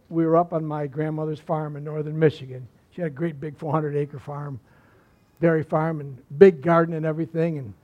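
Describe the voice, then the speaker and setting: Male pastor, sermon, folksy storytelling, repeats phrases, high-pitched, dull lo-fi recording. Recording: slightly muffled recording.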